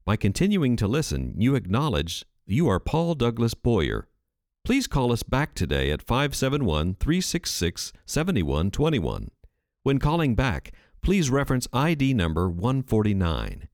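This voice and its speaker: A stiff, businesslike debt collector's recorded message, as read by a man. He keeps the delivery even and formal, like a scripted notice. The sound is close and dry. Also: medium pitch, a little slow, no echo. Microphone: studio microphone.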